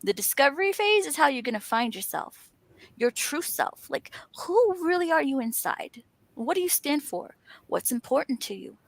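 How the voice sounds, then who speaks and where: A woman's voice: sits high, big pitch swings, moderate pace, vocal fry, dry recording, faint music behind. A woman talking in an earnest, encouraging way, stacking up emphatic lists. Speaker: author and panel host. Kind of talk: motivational casual chat.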